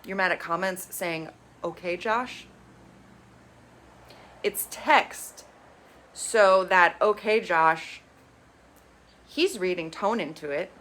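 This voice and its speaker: A woman's voice: on the low side, slow pace, pauses often, a bit bright. A woman casually recapping reality TV episodes, blunt and sarcastic, swearing freely. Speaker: reality TV reviewer.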